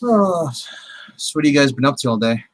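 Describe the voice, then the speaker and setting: A man's voice: medium pitch, lively intonation, brisk, no room sound, low-quality recording. A man chatting casually with friends on a stream, wry and sarcastic at times. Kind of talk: casual chat.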